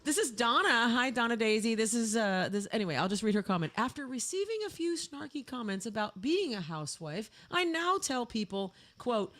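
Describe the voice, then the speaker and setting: A woman's voice: on the high side, sing-song, a little fast, few pauses, fairly bright tone. A woman co-hosting a livestreamed podcast in a casual chat, easygoing and reading out viewer comments. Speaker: co-host.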